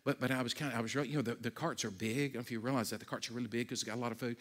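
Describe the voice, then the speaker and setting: In a large hall, a man preaches at a racing pace as a pastor. He keeps things lively and conversational, tossing in jokes and stumbling into restarts, then dropping his voice low and soft when the message turns serious.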